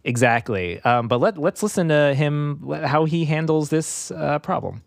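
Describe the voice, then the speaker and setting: A man's voice: a little high, animated, normal speed, gravelly, no echo, studio quality. A man co-hosting a podcast in casual chat, talking loosely with fillers and restarts. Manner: conversational, frequent fillers and restarts. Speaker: podcast co-host.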